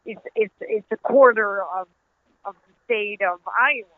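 Over a tinny phone line with no room sound, a Dutch woman from the Netherlands speaks at a medium pitch and an unhurried pace. She's an author being interviewed conversationally, earnest and storytelling, with an easy laugh.

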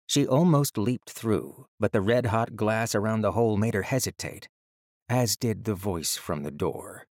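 Male audiobook narrator, steady, measured, low-pitched, dry studio sound. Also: no room sound.

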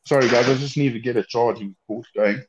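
A man's voice: mid-range voice, fairly even intonation, fast, highs cut off, background noise. A South African man who makes knives, chatting casually and rambling a bit, with restarts and laughter. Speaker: knifemaker guest. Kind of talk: casual chat over a call.

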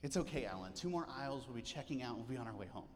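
A pastor playing a patient young mother who calmly soothes her toddler while shopping, in a reverberant church hall. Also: mid-range voice, racing, a little hiss or hum, close to an everyday voice. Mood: soothing. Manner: calm, soothing reassurance.

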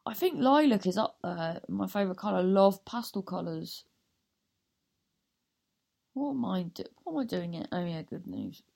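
Medium-pitched and animated, this woman speaks at a moderate pace with vocal fry, frequent pauses, and a dark tone. She's a comedian ending her own podcast episode in a rambling, self-mocking casual sign-off that loses its thread repeatedly.

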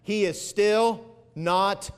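A man with a notably high voice preaches from the pulpit, leaning hard on key phrases and drawing them out. His words ring through a church sanctuary with a long reverb trailing behind. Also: clear, resonant tone. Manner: preaching with swelling emphasis and drawn-out phrases. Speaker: pastor. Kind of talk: sermon.

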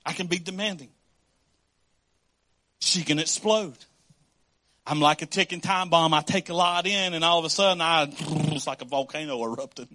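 A man's voice: on the high side, normal speed, sharp tone. A middle-aged male pastor preaching a sermon, telling stories about his marriage with laughs and acted-out quotes.

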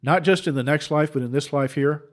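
A man's voice: fairly high pitch, a little fast. A man preaching with heated, repetitive rhetoric and rhetorical questions, often stumbling into restarts. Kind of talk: impassioned preaching commentary.

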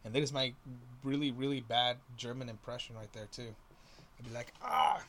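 A man's voice: mid-range voice, steady tone, a little fast, fairly bright tone, slight background noise. A man co-hosting a podcast, easygoing and joking in rambling casual banter. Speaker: podcast co-host.

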